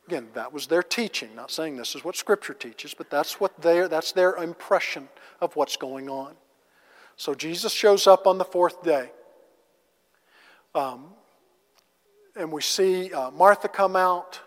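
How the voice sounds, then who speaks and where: A man's voice: on the high side, unhurried. A man teaching a conversational Bible lesson, casual and asking the class rhetorical questions. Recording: long reverb of a large hall.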